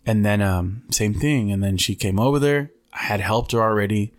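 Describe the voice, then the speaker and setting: A man's voice: fairly low pitch, moderate pace. A man hosting a podcast, telling a story in casual chat, slangy and full of swearing. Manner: profane, slangy, keeps saying "bro". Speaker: podcast host.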